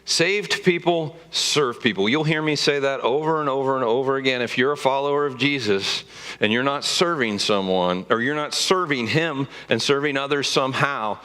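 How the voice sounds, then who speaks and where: A man's voice: mid-range voice, normal speed, bright, forceful tone, clean tone. A man preaching a sermon as pastor of a church, in a conversational and joking way, with emphatic rises.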